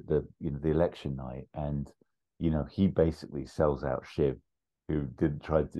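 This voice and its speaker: Very deep-voiced rambling podcast host. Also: male voice, muffled recording. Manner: rambling, animated retelling with quoted voices. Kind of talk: casual chat.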